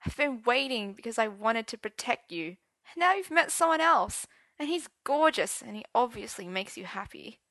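A woman's voice: on the high side, big pitch swings, moderate pace, a bit bright, dry recording, pitched above the performer's own voice. A woman doing a weeping heartbroken young man. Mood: miserable. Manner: tearful, half-whispered. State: crying.

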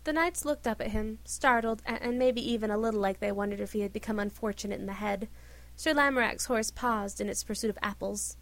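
A woman reading a story aloud with expressive narration. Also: on the high side, a little fast. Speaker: reader. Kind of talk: reading fan fiction aloud.

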